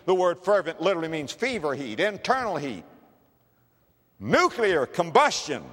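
A man's voice: a little high, wildly swooping pitch, normal speed. Dramatic male preacher in an echoey hall. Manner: dramatic, swings from shouts to hushed tones. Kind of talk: evangelistic sermon.

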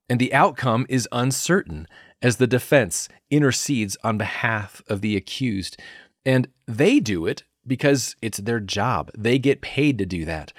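A man hosting a podcast, giving an earnest, measured devotional teaching. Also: medium pitch, no room sound, clean studio sound. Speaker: podcast host and Bible teacher.

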